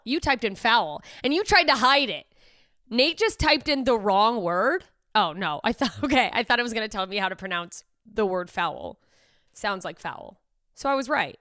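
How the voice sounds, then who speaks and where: A woman's voice: medium pitch, no room sound. A woman comedian hosting a podcast in casual, incredulous chat, riffing and swearing freely into a close mic. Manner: animated, profane, incredulous riffing.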